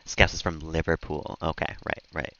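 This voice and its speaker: An American man streams a game, chatting casually with viewers, reading their messages aloud and laughing often. His voice rumbles low with a fairly bright tone, and the audio is dull with no echo.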